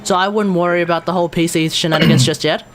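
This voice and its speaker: A man's voice: high voice, fairly even intonation, racing, a bit bright, slight background noise. A man streaming live, chatting casually and jokily with his guest, swearing freely. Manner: jokey, loose, swears freely. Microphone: headset earphones with mic.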